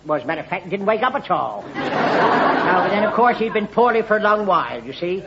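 An actor playing a crafty, hospitable old farmer with a chuckling, wheedling manner. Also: male voice, high-pitched, big pitch swings, fast talker, over a noisy crowd, heavy background noise. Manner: rustic dialect, chuckling, wheedling. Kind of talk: radio comedy acting. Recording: lo-fi recording with audience.

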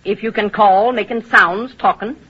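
An actress playing an uneasy, obedient nurse who answers reluctantly, in 1940s radio acting. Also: female voice, mid-range voice, fairly even intonation, moderate pace, slightly rough, close to an everyday voice. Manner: nervous and reluctant. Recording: muffled old radio broadcast.

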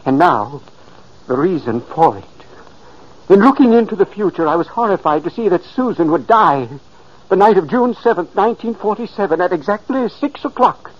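A man's voice: high-pitched, lively intonation, moderate pace. An actor playing the earnest, pleading spirit of a dead older man in a 1940s radio drama. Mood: solemn. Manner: solemn, urgent narration. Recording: muffled old radio recording.

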